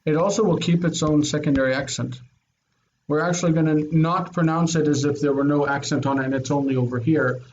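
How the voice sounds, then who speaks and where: A man teaching a Biblical Hebrew grammar lesson, explaining patiently and slowing down to spell out word forms. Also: fairly high pitch, steady tone, darkish tone, dull audio, slight background noise.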